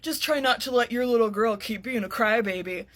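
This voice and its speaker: A woman's voice: a little high, a little fast, fairly bright tone. A woman voicing a dismissive, smug middle-aged dad with a condescending tone.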